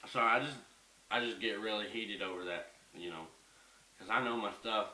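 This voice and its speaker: Low-voiced young man ranting profanely in an echoey room. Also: normal speed, bright, forceful tone. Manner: heated, profane, rambling. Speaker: vlogger. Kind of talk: casual ranting vlog. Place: bedroom at home. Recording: echoey room, mic at a distance, faint hiss.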